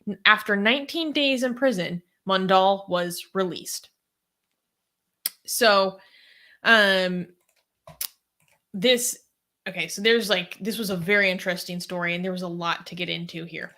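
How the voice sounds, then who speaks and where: A woman's voice: mid-range voice, measured pace, pauses often, sharp tone. A woman co-hosting a news commentary show, reading stories and quotes aloud and then commenting loosely. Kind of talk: reading news and casual chat.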